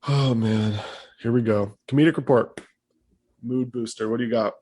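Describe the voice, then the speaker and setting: A man's voice: medium pitch, little pitch movement, moderate pace, warm tone. A young man co-hosting a podcast in loose, casual chat, swearing freely and laughing often. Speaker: podcast co-host.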